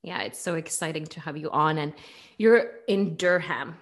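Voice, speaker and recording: A woman's voice: sits low, moderate pace. A woman with a Norwegian accent, hosting a casual podcast chat over a video call, bubbly and giggly. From Norway. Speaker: podcast host and yoga teacher. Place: home in Bergen, on a video call.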